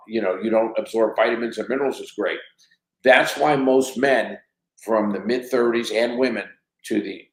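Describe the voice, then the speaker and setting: A man in his sixties, a company chief executive telling anecdotes as a podcast guest, who acts out the dialogue of his stories. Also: lowish voice. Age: 60s. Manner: animated storyteller who acts out quoted dialogue. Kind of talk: anecdotal storytelling in a podcast interview. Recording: roomy echo.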